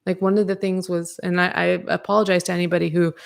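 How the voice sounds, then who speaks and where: A woman's voice: fairly low pitch, little pitch movement, fast, gravelly. A woman hosting a podcast livestream, rambling casually with lots of fillers and restarts, frank and sometimes swearing, answering her chat. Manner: talks to live chat readers. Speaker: podcast host.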